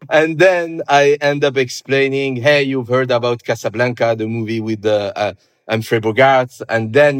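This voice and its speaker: A man in his thirties from Morocco with a Moroccan French accent, answering interview questions in a relaxed, hesitant way with many pauses. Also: mid-range voice, no echo, clean studio sound. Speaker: guest. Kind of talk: casual interview conversation.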